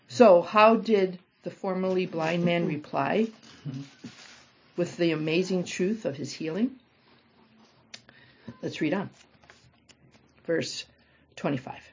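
A woman leading a small-group Bible study, reading scripture aloud and commenting with animated, dramatic emphasis. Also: on the low side, slow, pauses often, breathy edge. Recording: dull lo-fi recording.

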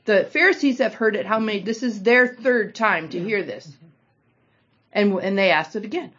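A woman leading a small-group Bible study, reading scripture aloud and commenting with animated, dramatic emphasis. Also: medium pitch, normal speed, breathy edge. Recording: dull lo-fi recording.

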